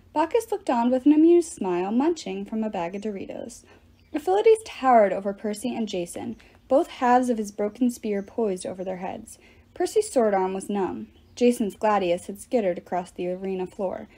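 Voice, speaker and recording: A woman reads a novel aloud with lively, expressive narration. Her voice sits a little high, soft and mellow with a breathy edge. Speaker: reader.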